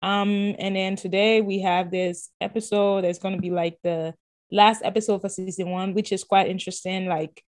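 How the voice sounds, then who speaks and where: A woman's voice: mid-range voice, steady tone, moderate pace. A woman hosting a casual podcast, upbeat and chatty, repeating words and talking straight to her listeners. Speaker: podcast host.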